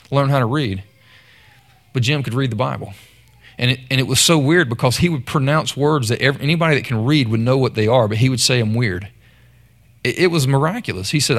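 A man preaching a sermon in a conversational storytelling way. He often repeats words and calls out to the congregation. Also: mid-range voice.

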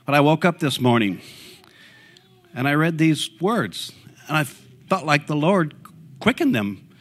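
A man sharing a fervent church testimony, his voice quiet and low at first, then rising to excited outbursts. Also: measured pace.

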